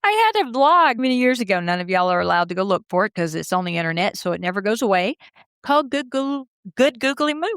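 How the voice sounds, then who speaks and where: A woman co-hosts a podcast, chatty and lively, moving easily from one anecdote to the next. Her voice is at a medium pitch, and the sound is dry and close to the mic, with no reverb. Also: fast, clear, resonant tone. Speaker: podcast co-host. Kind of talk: casual podcast chat.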